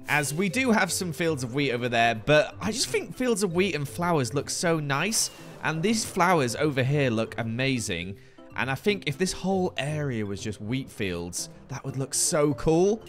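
Hoarse man rambling over gameplay. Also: mid-range voice, fairly bright tone. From United Kingdom. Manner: chatty, self-mocking, rambling asides. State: hoarse, voice worn out. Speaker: Minecraft video host. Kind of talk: game commentary voice-over. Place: at home, recorded later as voice-over.

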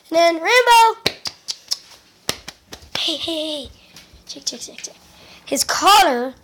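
A woman chatting excitedly in a casual home vlog, giggling and exclaiming as she shows off her things to a handheld camera. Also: high voice, slight background noise. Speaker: vlogger. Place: at home indoors.

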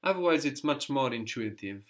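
A man's voice: mid-range voice, animated, moderate pace. A man teaching a language lesson, patiently prompting a student and repeating her answers.

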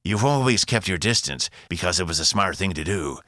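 A man reading an audiobook voices a cruel phantom father with a gravelly, taunting voice. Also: deep voice, lively intonation, a little fast, pushed and bright, no room sound, clean studio sound. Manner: taunting, cold.

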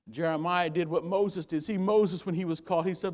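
High-pitched preacher man in a church, gets loud then drops low and quiet, repeats words now and then. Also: normal speed, hardly any pauses. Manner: preaching with swings between loud emphasis and quiet low passages; repeats words while gathering thoughts. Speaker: pastor. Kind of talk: sermon. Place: church sanctuary.

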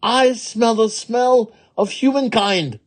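A man's voice: very high voice, slow pace, voice pushed up, full character voice. A man voicing a wicked but oddly polite ogre in a children's storybook, speaking theatrically. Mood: sly.

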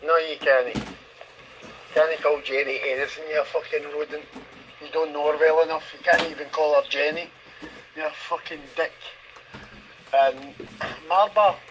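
A man's voice: on the high side, fairly bright tone. A man acting as a channel admin in push-to-talk voice chat, blunt and scolding with plenty of swearing. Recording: dull lo-fi voice app audio with faint hiss.

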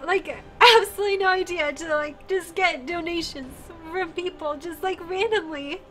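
A woman's voice: extremely high pitch, normal speed, a bit bright, soft background music. A young woman streaming live, tearful and crying as she gushes thanks to her viewers. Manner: gushing, effusive thanks.

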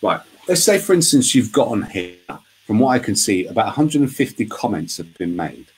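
A man chatting as a guest in a casual live interview over a video call, telling stories in a lively, talkative way. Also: fairly low pitch, brisk, rough recording.

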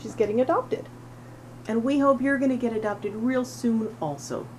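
A middle-aged woman volunteering at an animal shelter, chatting casually to the camera and cooing at a cat in a high sing-song voice, laughing often. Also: moderate pace, a little mellow, a little hiss or hum, rough recording. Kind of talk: casual vlog talking to a cat.

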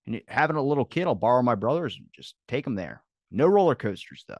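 A man in his twenties, an animated podcast guest who swears freely and tells rambling stories in a casual chat. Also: medium pitch, fast talker, dry recording, highs cut off.

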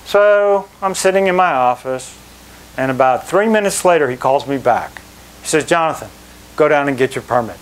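A middle-aged man, a club manager, telling lively anecdotes to an audience and acting out the people he quotes. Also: fairly high pitch. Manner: animated storyteller, acts out quoted people. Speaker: country club general manager.

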